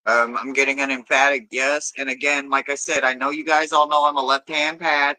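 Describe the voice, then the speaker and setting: A man's voice: medium pitch, level tone, moderate pace, few pauses, sharp tone, low-quality recording. A man hosting a live tarot stream, chatting casually and loosely with viewers, swearing freely and rambling between readings.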